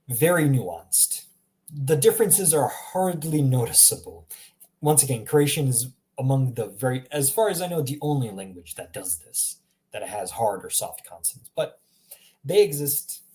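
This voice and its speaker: A male language teacher with a medium-pitched, dark voice gives a casual recorded lesson. He is chatty and repetitive and often laughs at himself.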